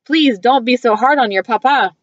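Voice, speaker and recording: A woman's voice: a little high, normal speed, no room sound, highs cut off, natural voice. A woman reading a coaxing absent father. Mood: pleading. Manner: coaxing, tender. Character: middle-aged father pleading with his daughters.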